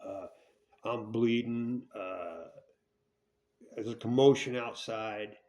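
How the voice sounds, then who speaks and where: Slow and darkish in tone, the man's mid-range voice carries a candid, profane account of a hard time in his past. He talks bluntly, rambles, begins sentences again, and repeatedly asks "right?".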